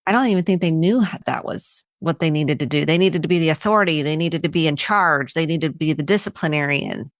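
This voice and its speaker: A woman hosts a podcast interview, earnestly affirming and expanding on what her guest says. Her voice sits lower than most women's. The recording is dry and close. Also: fast talker, hardly any pauses, no echo. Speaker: podcast host and therapist.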